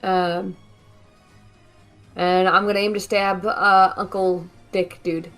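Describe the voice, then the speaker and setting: A woman's voice: lowish voice, flat delivery, takes it slowly, a bit bright, soft background music. A woman speaking casually as a player at a tabletop game, hesitant with many ums and dry humor.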